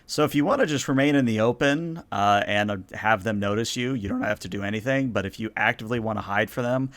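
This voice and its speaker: A man narrating a tabletop role-playing game as game master, in a relaxed, meandering way. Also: lowish voice, fast, no echo.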